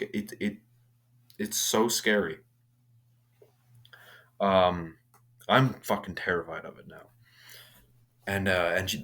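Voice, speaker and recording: A man's voice: deep voice, a bit bright. A young man casually recapping a horror film, rambling with many restarts and casual swearing. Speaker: movie reviewer.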